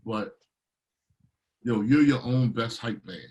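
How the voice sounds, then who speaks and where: A man's voice: medium pitch, takes it slowly, low-quality recording. A middle-aged man from Baltimore, a DJ and producer talking casually in an interview, telling stories with a lot of energy and acting out what people said. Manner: animated storyteller, acts out quotes.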